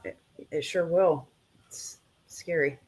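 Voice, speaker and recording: A woman's voice: deep voice, slow pace, darkish tone, slightly rough. Earnest woman psychic. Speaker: psychic reader. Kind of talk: casual live podcast chat.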